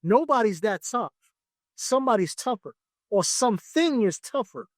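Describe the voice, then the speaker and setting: A man with a fairly high voice tells stories in a relaxed podcast interview, recorded close and dry with little room sound. He is a music producer, and he acts out the back-and-forth from studio sessions. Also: moderate pace, dry recording. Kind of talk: casual interview storytelling.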